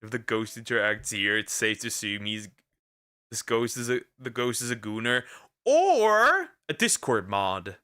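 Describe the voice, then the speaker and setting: A man's voice: lowish voice, flat delivery, moderate pace, sharp tone, clean tone. A man streaming a reaction, making crude, mocking jokes as he comments on a video. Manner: crude, jokey, mocking asides.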